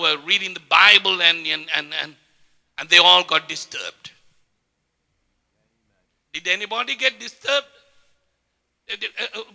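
A man preaching a sermon with passion, often repeating words and swinging from quiet to loud. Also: high voice, creaky. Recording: long hall reverb.

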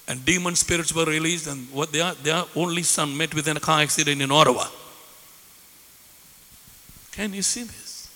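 A man preaching a sermon as a pastor, impassioned and fervent, at times breaking into shouts. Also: fairly high pitch, big-room sound.

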